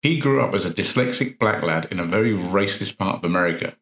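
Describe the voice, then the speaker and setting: Earnest low-voiced man coaching. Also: expressive, fast, fairly bright tone. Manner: earnest, rhetorical questions, repeats phrases for emphasis. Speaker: NLP practitioner and coach. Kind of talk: motivational talk. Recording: roomy echo.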